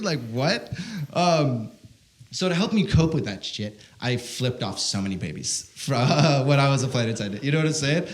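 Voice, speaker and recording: A man's voice: medium pitch, big pitch swings, normal speed. A young man doing stand-up comedy, telling a story in a brash, profane, slangy way and calling people "bro.". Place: comedy stage before a live audience.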